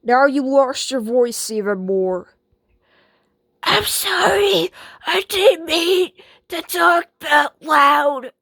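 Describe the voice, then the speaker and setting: A woman playing a sick, whiny girl who has lost her voice, crying and hoarse, whimpering and apologetic, in a homemade skit. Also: high voice, slow pace, no room sound. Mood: tearful. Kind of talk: homemade skit role-play.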